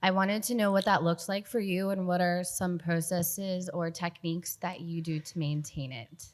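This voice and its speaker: A woman's voice: fairly low pitch, steady tone, moderate pace. A woman in the audience politely asking the speaker a question. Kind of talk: question from the floor.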